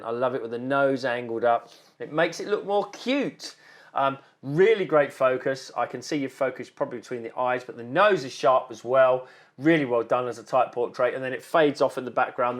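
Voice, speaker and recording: Guy going through viewer photos, friendly and chatty, lots of ums. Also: mid-range voice. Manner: encouraging, chatty, many ums and repeats. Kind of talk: casual on-screen photo critique.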